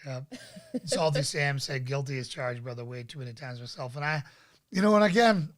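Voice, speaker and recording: A man's voice: medium pitch, a little fast, dry recording. A man hosting a casual live-stream chat, laid-back and rambling with lots of fillers. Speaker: podcast host.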